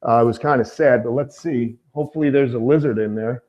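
Man, mid-pitched voice, casual live-stream host, rambling, upbeat, lots of fillers. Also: a little fast, hardly any pauses, muffled recording. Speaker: reptile keeper and channel host.

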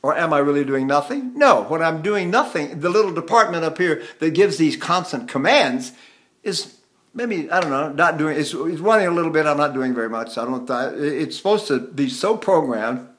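Older guy teaching singing, kinda high voice, chatty, hums and sings little demo sounds. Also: lively intonation, moderate pace, fairly bright tone. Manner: demonstrates hums and sung syllables mid-explanation; chatty, folksy asides. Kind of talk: vocal lesson with demonstrations.

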